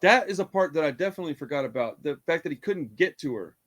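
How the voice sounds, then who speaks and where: Expressive and quick, with a slightly high, somewhat bright voice, a podcast co-host swears, laughs, and acts out bits of a horror movie. He's casually reviewing it in a hyper but tired mood.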